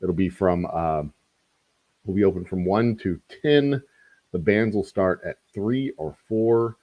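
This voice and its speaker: A man's voice: sits low, measured pace, no echo, highs cut off. A man, hosting a casual distillery livestream and chatting to viewers with rambling, joking asides. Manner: rambling, talks to chat, self-deprecating jokes.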